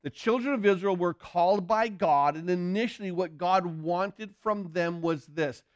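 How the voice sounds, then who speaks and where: Earnest, smooth-voiced man preaching a sermon. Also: high-pitched, no echo, clean studio sound. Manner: earnest, repeats words while building a point; reads scripture slowly and deliberately. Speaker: pastor.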